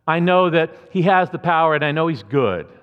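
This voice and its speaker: A man's voice: on the high side, lively intonation, a little fast, clear, resonant tone. A man preaching a sermon as pastor, conversational and earnest, with asides to the congregation. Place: church sanctuary. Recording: muffled church hall reverb.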